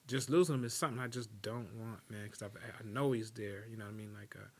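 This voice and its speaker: Relaxed reflective man in casual talk. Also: fairly low pitch, fast talker, slightly rough. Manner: relaxed, reflective, uses filler like "man" and "you know what I mean". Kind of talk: casual chat.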